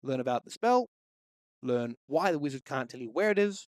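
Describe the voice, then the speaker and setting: A man's voice: medium pitch, animated, normal speed, dry recording. A man walking through a game development tutorial, explaining each step steadily into a close microphone. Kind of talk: screen-recorded tutorial.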